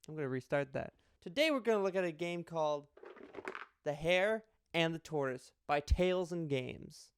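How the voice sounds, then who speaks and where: A man's voice: a little high, lively intonation, moderate pace, slight background noise. A young man talking casually and rambling a little as he reviews a board game. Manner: chatty, rambling with restarts and jokes.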